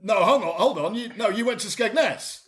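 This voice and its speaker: A man, co-hosting a comedy podcast, excitable and animated, often stumbling over repeated words. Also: high-pitched, normal speed. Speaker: co-host.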